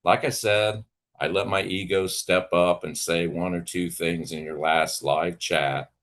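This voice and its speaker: A fairly low-pitched man speaks into a livestream mic. He rants at a rival in a heated, profane, sarcastic way. His outbursts jump high and loud, then drop to low mutters. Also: fairly even intonation, measured pace. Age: adult with children. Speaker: livestream host. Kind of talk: angry rant to a rival.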